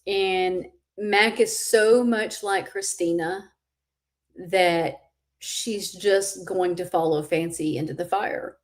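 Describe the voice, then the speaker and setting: A woman's voice: on the low side, steady tone, slow. A woman hosting a casual livestream chat, speaking candidly and sometimes with rising emphasis, a little stuffy from allergies. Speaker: host.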